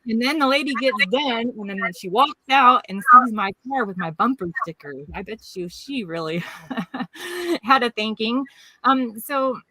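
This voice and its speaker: A woman's voice: on the high side, animated, measured pace, pushed and bright, no room sound, low-quality recording. A middle-aged woman from Washington State, telling a rambling personal story as a podcast guest and acting out the voices of people she quotes. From Washington State, USA. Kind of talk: casual storytelling chat.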